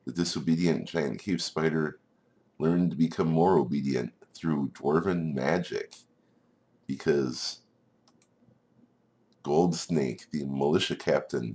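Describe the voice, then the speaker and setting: A man's voice: a bass voice, darkish tone. A man narrating a game like a storybook, playful, with chuckling asides. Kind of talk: storybook narration over gameplay.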